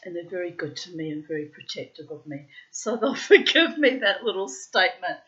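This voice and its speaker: Bright-voiced woman almost sixty, giggly cheeky rambling vlog, swears a lot, kinda muffled lo-fi audio. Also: sing-song, brisk. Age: 50s. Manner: laughs often, bursts into squealing high exclamations; cheeky and self-mocking, swears freely. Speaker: vlogger. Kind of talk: rambling casual monologue.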